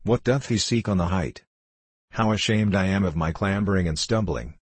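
A man voicing an anguished young man, restless and ashamed, in old-fashioned storybook speech. The voice is low and husky. It sounds close and dry. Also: normal speed, dry recording.

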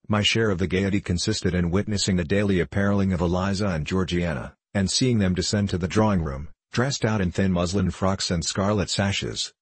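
A man reading a classic novel aloud as scripted narration, in a measured, steady way. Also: low-pitched, slightly rough, no echo. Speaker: audiobook narrator.

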